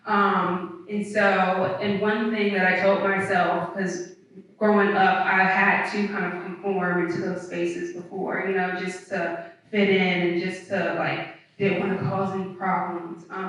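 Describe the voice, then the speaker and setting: A woman's voice: mid-range voice, pushed and bright, distant mic. A woman from the American South, a footwear designer on a panel, answering students in an emphatic, unapologetic way with many fillers. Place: university hall before a live audience. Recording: echoey hall, mic from afar.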